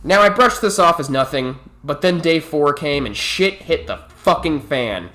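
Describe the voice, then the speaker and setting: A man's voice: on the high side, animated, a little slow, sharp tone. A man telling a personal story in a profane, rambling storytime monologue. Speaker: storytelling vlogger.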